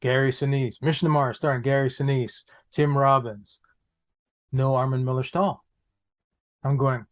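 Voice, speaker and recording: A man, an actor guest on a podcast, telling anecdotes in an animated way, repeating phrases for comic effect. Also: mid-range voice, moderate pace, pauses often. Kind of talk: anecdotal storytelling.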